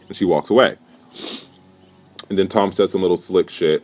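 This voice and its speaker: A young man recapping a reality show in a casual, profane, animated rant. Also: on the low side, brisk. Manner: profane, animated, indignant storytelling.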